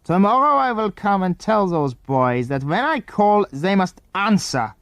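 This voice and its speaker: A man voicing a suspicious, menacing foreign enemy man who interrogates children in a storybook reading, slow and commanding. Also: on the high side, very animated, no room sound, pitched above the performer's own voice. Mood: stern. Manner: stern, commanding, slow and deliberate.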